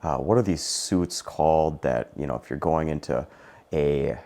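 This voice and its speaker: A man hosting a podcast in casual conversation, emphatic and animated when telling his own stories. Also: extremely low pitch, normal speed. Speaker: podcast host.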